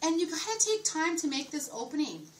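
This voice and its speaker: A middle-aged woman's high voice swings widely in pitch as she briskly delivers a sales training talk with a role-played pitch. Enthusiastic, she often puts questions to her audience, and the distant mic picks up faint room noise.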